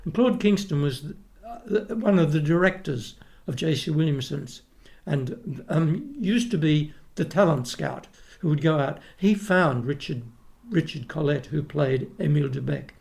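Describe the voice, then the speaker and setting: A man's voice: a little high, lively intonation, measured pace, gravelly, hardly any pauses, a little mellow. An older Australian man, a retired opera tenor, tells rambling anecdotes in a casual interview, restarting sentences and acting out the people he quotes.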